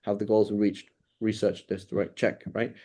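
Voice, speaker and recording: Low, mellow-voiced man teaching a class. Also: little pitch movement, measured pace. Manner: conversational, keeps asking "right?"; repeats phrases to drive points home. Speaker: religious teacher. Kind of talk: informal classroom lecture.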